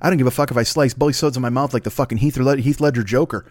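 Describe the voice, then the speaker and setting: A man hosting his own podcast in a rambling, profane, self-mocking comic monologue, often talking fast. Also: medium pitch, fairly even intonation, darkish tone, a little hiss or hum. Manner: talks fast, then slows down. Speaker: podcast host.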